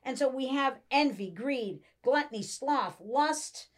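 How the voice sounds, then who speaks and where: A middle-aged woman chatting casually, telling animated stories and acting out quoted voices. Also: high voice, slow. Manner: animated storyteller, acts out quotes. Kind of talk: casual chat.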